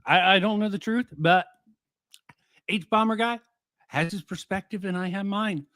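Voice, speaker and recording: A man's voice: high voice, moderate pace, fairly bright tone, no room sound, clean studio sound. A man giving casual, profane, rambling reaction commentary.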